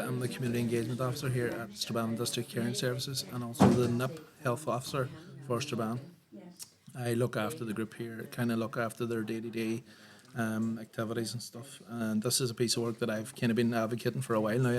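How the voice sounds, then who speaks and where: A man's voice: medium pitch, completely flat delivery, fairly quick. A man, a community engagement officer, speaking steadily in a casual interview. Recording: background chatter of a group.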